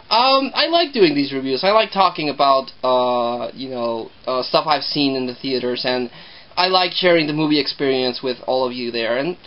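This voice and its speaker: A man's voice: on the high side, highs cut off. A man talking through a movie review in a casual, rambling way, often repeating himself.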